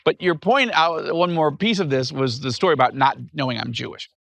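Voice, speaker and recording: A man in his fifties from upstate New York, telling his life story as an interview guest in an animated way. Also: fairly high pitch, brisk, vocal fry, no room sound. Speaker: guest author.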